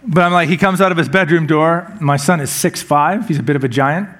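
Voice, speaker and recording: Male pastor with a high voice, relaxed and joking sermon delivery, frequent word repeats. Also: brisk. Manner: conversational and humorous, with repeated words when restarting.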